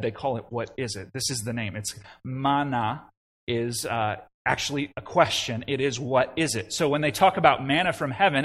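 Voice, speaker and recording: A young adult man preaching a sermon, animated, with frequent restarts and conversational asides. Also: mid-range voice. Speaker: pastor.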